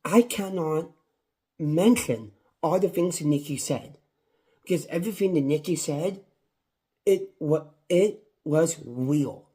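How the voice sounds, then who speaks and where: A man's voice: a little high, unhurried, pauses often, dark tone. A man reviewing a wrestling show on his own, in a passionate, repetitive rant. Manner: impassioned, ranting, repetitive. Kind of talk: casual solo review.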